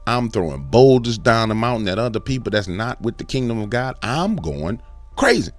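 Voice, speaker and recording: A man hosting a commentary show, ranting in a fervent, animated way. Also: on the low side, brisk, faint music behind. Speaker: host. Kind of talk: fiery commentary vlog.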